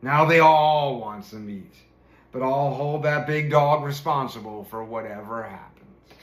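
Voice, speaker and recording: A man's voice: mid-range voice, measured pace, lightly acted. A man voicing a stubborn, indignant farmer in a storybook reading. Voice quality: grumbling, indignant. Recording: roomy echo.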